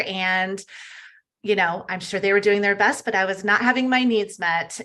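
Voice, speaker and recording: Middle-aged woman guest, bright voice, earnest and upbeat interview talk. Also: medium pitch. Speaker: guest health coach. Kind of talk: casual interview chat.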